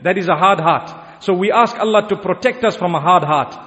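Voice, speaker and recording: Earnest preacher man, high voice. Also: fairly quick, sharp tone. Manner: earnest, exhorting, rising to emphasis. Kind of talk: sermon. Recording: long hall reverb.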